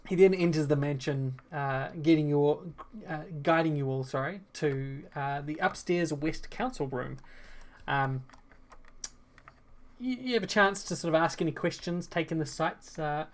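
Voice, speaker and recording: Low-voiced woman game master. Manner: rambling, many fillers and self-corrections. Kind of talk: narrating a tabletop game.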